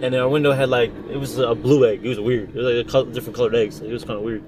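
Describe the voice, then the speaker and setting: A man's voice: mid-range voice, fairly even intonation, rapid-fire, noisy background. A young man co-hosting a podcast, chatting casually and rambling through stories with plenty of swearing. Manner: profane, rambling, loose storytelling. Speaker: podcast co-host. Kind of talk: casual chat.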